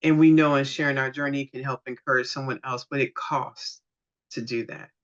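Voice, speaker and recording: A woman hosting a podcast interview, answering her guest in a measured, thoughtful way. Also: rumbling low, steady tone. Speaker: podcast host. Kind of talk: interview conversation. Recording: dull lo-fi sound.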